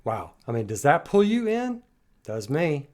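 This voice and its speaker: A man's voice: fairly high pitch, sing-song, measured pace, darkish tone. A man hosting a music reaction, talking in casual commentary and restarting and repeating words as he muses. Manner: musing, restarts and repeats words while analyzing.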